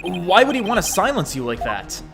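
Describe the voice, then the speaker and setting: A young man hosting a game playthrough, reading the hero's lines in an earnest, lively voice that rises and falls a lot. Game music plays steadily underneath. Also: sits high, moderate pace, creaky. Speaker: let's play host. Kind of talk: reading game dialogue aloud. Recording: game music playing behind.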